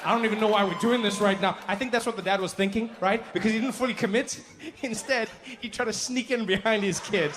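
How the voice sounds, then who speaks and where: On a comedy stage before a live audience, a male stand-up comedian tells a story into a handheld mic. His voice is high and his pace quick with few pauses, and he animatedly acts out the people in the story.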